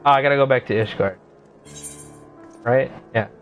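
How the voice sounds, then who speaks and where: A young man streaming a game, rambling through casual commentary with lots of swearing and excited outbursts. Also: medium pitch, moderate pace, highs cut off, soft background music.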